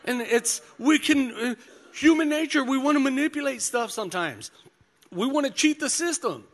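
A man's voice: very high-pitched, animated, normal speed. A man preaching a sermon, mixing scripture reading with personal testimony, in an easygoing style full of "you know" and "man.". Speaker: pastor. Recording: long hall reverb.

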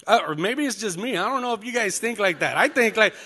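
Guy preaching in a big echoey hall, kinda higher voice, super casual, lots of "you know". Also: expressive, fast talker, bright, forceful tone, slightly rough. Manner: casual preaching with personal testimony, many "you know" and "man" fillers. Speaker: pastor. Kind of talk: sermon. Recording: long hall reverb.

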